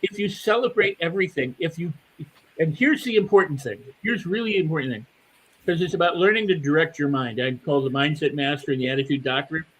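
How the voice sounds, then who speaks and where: An older man speaking as a mindset coach on a panel, animated and acting out the inner voices of his listeners. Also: fairly high pitch, fairly quick, slightly rough, poor audio. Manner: animated, acts out inner voices, repeats words. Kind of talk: motivational panel talk.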